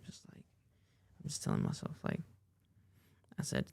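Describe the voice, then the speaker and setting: A man's voice: mid-range voice, wildly swooping pitch, normal speed, vocal fry, long pauses, a little mellow, breathy edge, no room sound, studio quality. A young man hosting a podcast, telling a personal story in a rambling way and leaning on "like" and repeated phrases. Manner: rambling, repeats himself, lots of "like". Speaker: podcast host.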